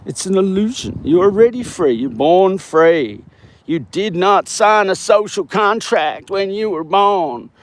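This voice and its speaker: A man's voice: high voice, lively intonation, unhurried, a little hiss or hum. An Australian man vlogging live while out on a walk, rambling and joking with viewers. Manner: rambling, jokey, talks to viewers.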